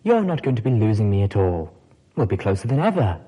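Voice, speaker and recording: A man reading the part of an adult female pony radio host, gentle and playfully teasing, with a lively, husky tone. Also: fairly low pitch, brisk, rough recording.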